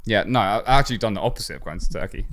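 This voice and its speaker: A young man co-hosting a casual podcast, talking with a slight lisp from clear aligners, rambling and swearing now and then. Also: fairly low pitch, expressive, rapid-fire, a bit bright. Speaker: podcast co-host. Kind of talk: casual chat.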